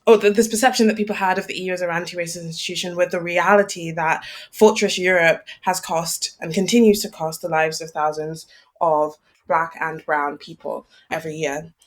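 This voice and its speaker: A woman co-hosting a political podcast discussion, speaking in a measured, analytical way and often checking in with "right?". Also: fairly low pitch, steady tone. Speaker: podcast co-host.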